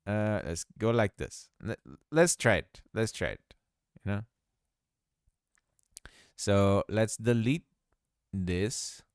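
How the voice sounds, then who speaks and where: A man walks through a game-making tutorial at his own slow pace, thinking aloud and teasing himself about his mistakes. His voice is smooth and clear, recorded close on a desk mic. There is almost no room sound around it. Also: lowish voice, no room sound. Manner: self-mocking, thinks aloud, laughs at himself. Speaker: game dev tutorial host. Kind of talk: casual screen-recorded tutorial.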